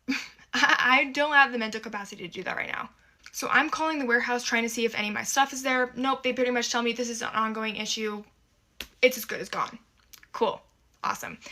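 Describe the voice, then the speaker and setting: A woman's voice: a little high, bright, forceful tone. A young adult woman from the United States telling a personal story to camera in a casual, emphatic and sarcastic way.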